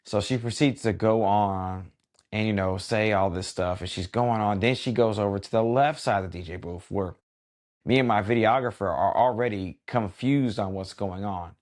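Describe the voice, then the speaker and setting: A middle-aged man, a wedding DJ hosting a podcast, telling a story in a relaxed conversational way with lots of asides. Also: fairly low pitch, moderate pace. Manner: relaxed and conversational, many "you know" asides.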